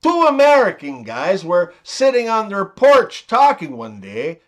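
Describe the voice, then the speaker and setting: A man in his forties narrating a string of jokes in an unhurried way. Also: sits high, wildly swooping pitch. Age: 40s. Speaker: joke teller. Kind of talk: narrated joke compilation.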